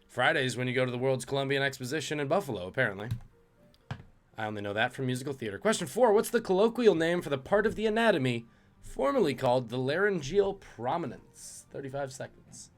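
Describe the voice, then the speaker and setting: A man's voice: medium pitch, animated, quick pace. A man hosting a live-streamed trivia quiz, reading questions and joking about viewers' guesses. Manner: jokey, reads out questions and chat guesses. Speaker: trivia host.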